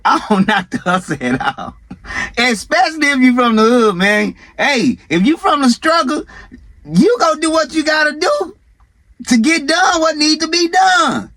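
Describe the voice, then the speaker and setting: A man's voice: very high voice, pushed and bright, no echo. A man hosting a show, commenting in a laid-back, slangy way with chuckles. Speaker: host. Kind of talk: casual commentary.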